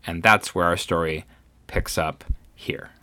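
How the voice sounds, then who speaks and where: A man's voice: sits low, a little slow. A man setting up a clip in casual, explanatory narration. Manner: explanatory, relaxed. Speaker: video commentator.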